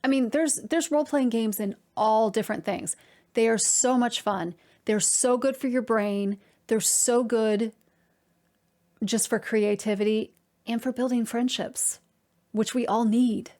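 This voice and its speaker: A woman hosting a knitting podcast from home, talking to camera in a chatty, excitable way and addressing her viewers directly. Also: on the high side, unhurried. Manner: chatty and excitable, full of "like" and "you guys". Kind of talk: casual chat to camera.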